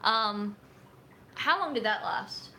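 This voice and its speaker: Taking it slowly, a nutrition coach speaks in an expressive, mid-range voice that's bright and forceful, with a little hiss or hum. She hosts a casual livestream in a home room set up for filming, captured by a camera on a tripod, rambling and leaning on lots of fillers.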